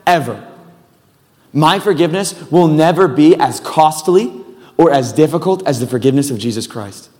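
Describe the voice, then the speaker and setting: A man's voice: on the high side, expressive, normal speed, darkish tone. Casual preacher man in a reverberant hall. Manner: casual, rambling, self-deprecating asides. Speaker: pastor. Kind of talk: sermon.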